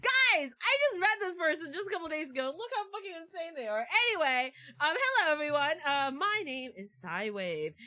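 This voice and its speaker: High, lively, giggly streaming host. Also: female voice, brisk, hardly any pauses, dry recording. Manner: giggly, swears casually. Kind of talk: casual livestream chat.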